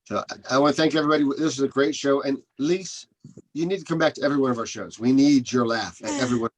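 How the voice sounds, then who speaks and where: A man wrapping up an online comedy show over a video call, speaking at a middling pitch. He is friendly but halting, stumbling over restarts as he thanks the comics. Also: a little hiss or hum, rough recording. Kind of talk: casual show wrap-up.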